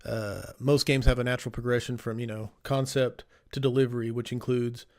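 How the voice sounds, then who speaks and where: A man's voice: mid-range voice, fairly even intonation, a little fast. A man co-hosting a gaming podcast in casual chat, explaining things at length with many fillers and restarts. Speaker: podcast co-host.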